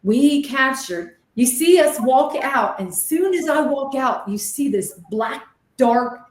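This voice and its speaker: A woman's voice: high voice, takes it slowly. A woman who works as a medium and ghost hunter, telling her stories animatedly as a guest in an interview, acting out the voices she remembers. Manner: animated, excitable storytelling with dramatic re-enactments. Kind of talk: storytelling in an interview. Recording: echoey room.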